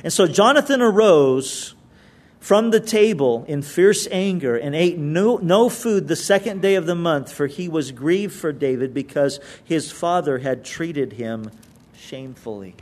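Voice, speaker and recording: A man's voice: fairly high pitch, expressive, measured pace, a little mellow. A male pastor reading scripture aloud and explaining it in a conversational sermon, with emphatic retellings.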